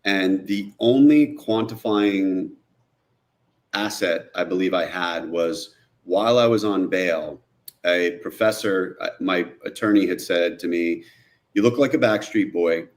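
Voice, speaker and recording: A New Jersey man, a film director appearing as an interview guest, tells his own story slowly in a low voice. He retells it with animation, acting out the voices of the people he quotes.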